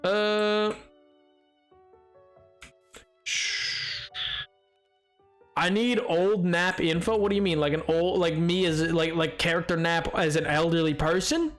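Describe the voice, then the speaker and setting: A man's voice: a little high, steady tone, a little slow, fairly bright tone, soft background music. A man streaming a game, chatting casually with chat in a rambling, playful way that stumbles over restarts. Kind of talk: casual live-stream chat while gaming.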